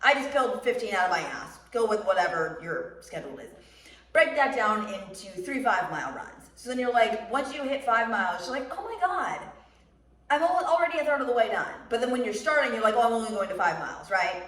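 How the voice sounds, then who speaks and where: A woman's voice: medium pitch, a little fast. Blunt, swearing American woman, roomy sound. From United States. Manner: blunt, swears a lot, animated storytelling. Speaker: running vlogger. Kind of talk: casual chat. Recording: roomy sound, mic somewhat distant.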